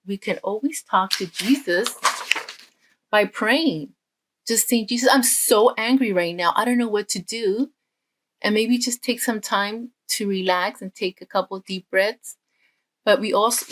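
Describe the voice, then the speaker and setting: A woman's voice: medium pitch, noisy background. Woman telling a children's church story. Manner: warm, direct address to children.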